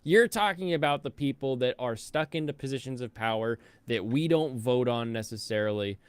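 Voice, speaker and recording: A male streamer reacts sarcastically in a casual stream, laughing often and breaking into rants. His voice is smooth and resonant. The sound is dry and close. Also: medium pitch, moderate pace, no room sound. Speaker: stream host.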